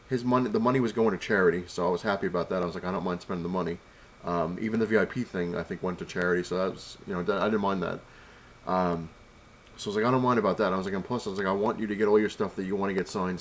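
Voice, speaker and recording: Low-voiced man rambling through a story. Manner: rambling, retells exchanges with "I was like"; annoyed complaining. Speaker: vlogger. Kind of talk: casual storytelling to camera.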